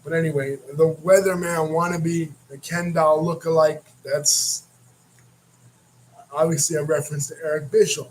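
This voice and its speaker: A man's voice: on the high side, flat delivery, moderate pace, slight background noise, rough recording. A man hosting a casual wrestling recap, rambling and often restarting his words. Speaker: wrestling reaction host.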